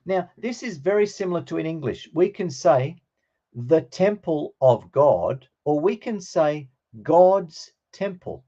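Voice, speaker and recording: A man's voice: a little high, animated, a little slow, warm tone, muffled recording. A man teaching a Greek grammar class, explaining patiently and checking in with his students.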